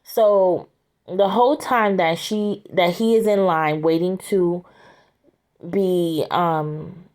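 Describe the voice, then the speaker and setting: A woman casually retelling a story scene aloud, halting, with frequent fillers and restarts. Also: on the low side, steady tone, a little mellow.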